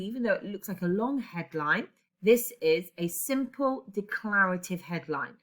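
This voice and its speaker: Bright-voiced woman teacher explaining grammar. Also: mid-range voice. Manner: explanatory, step-by-step, with fillers and self-corrections. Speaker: English teacher. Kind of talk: recorded classroom lesson explaining grammar.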